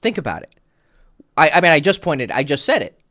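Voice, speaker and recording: A man's voice: a little high, sing-song, brisk, pushed and bright. A man working as a dating coach, talking a client through his mistakes on a call in a blunt, casual way that includes swearing.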